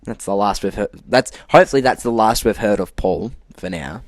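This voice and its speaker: Young aussie guy telling a work story, kinda low voice, dry close sound, acts out the quotes. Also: a little fast, no echo. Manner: animated, acts out quotes, laughs often. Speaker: podcast co-host. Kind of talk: casual storytelling.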